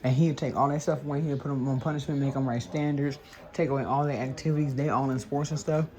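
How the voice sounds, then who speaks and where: A woman vlogging casually from her home, retelling her day in an animated, gossipy way. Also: extremely low pitch, fast. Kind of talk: casual chatty storytelling. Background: smooth jazz and background voices.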